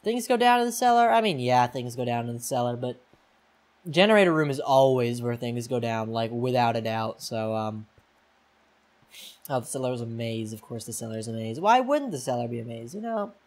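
A young man talks his way through a horror game, rambling and joking at his own expense. His voice sits in a middle pitch and often drops to a quiet mutter. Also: lively intonation, moderate pace. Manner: rambling, self-mocking, muttering. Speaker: gaming YouTuber. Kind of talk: casual gameplay commentary.

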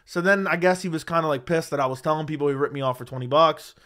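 Fast-talking and on the high side, this MMA livestream host delivers a heated, emphatic rant full of profanity. His fairly bright voice goes through a studio dynamic mic.

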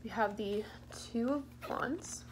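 A woman's voice: fairly high pitch, slow pace, background noise. A young woman giving a casual tarot card reading, laid-back and giggly, thinking aloud with many fillers. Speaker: tarot reader.

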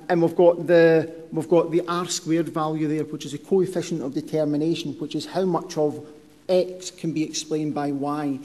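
A man's voice: fairly high pitch, a little mellow. A middle-aged man giving a conference lecture, explaining steadily with frequent ums and restarts. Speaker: podiatry researcher giving a lecture. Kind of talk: conference presentation. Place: lecture hall. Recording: reverberant lecture hall.

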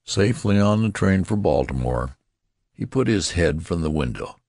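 Very deep-voiced, gravelly male narrator. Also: expressive, moderate pace, darkish tone, no room sound, clean studio sound. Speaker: audiobook narrator. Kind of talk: scripted narration.

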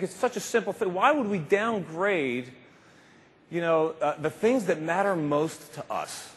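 A middle-aged man giving an animated, emphatic motivational keynote speech, acting out little scenes along the way. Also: sits high, measured pace. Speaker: keynote speaker. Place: large convention hall. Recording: reverberant hall, faint background noise.

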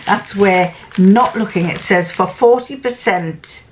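A woman's voice: mid-range voice, takes it slowly, a little hiss or hum. Chatty older woman. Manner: rambling, chatty, many restarts and self-corrections. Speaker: sewing vlogger. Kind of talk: casual chat to camera.

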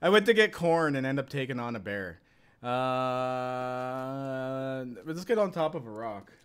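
In a smooth, unhurried, medium-pitched voice, a young Canadian man chats casually while playing a survival game live. Things going wrong set him off into excitable, panicked yelps and laughs.

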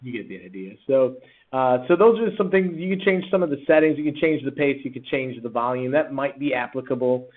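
A man walks through a software tool in a relaxed, chatty teaching voice, full of "uh"s and false starts. His pitch sits in the middle range. The audio is tinny and narrow, like it came over a phone line. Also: brisk. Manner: casual, chatty, with frequent fillers and restarts. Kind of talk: screen-recorded software tutorial.

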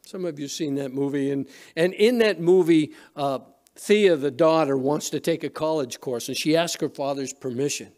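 Man, pastor, sermon, slightly high voice, conversational storytelling, frequent restarts. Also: moderate pace, darkish tone. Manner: storytelling, retelling scenes with quoted voices. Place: church sanctuary.

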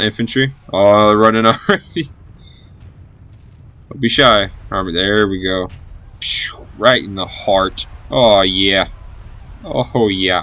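A man's voice: fairly low pitch, sharp tone, no room sound. A man giving live gameplay commentary as a gaming channel host, cheering on his units and swearing casually.

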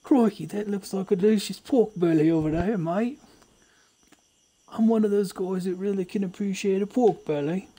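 A man's voice: high-pitched, moderate pace, warm tone, voice pushed up. A man doing a hammy mock Australian accent as a cheerful bloke who keeps saying mate. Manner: hammy, joking impression. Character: exaggerated Aussie bloke, cheerful, says mate a lot.

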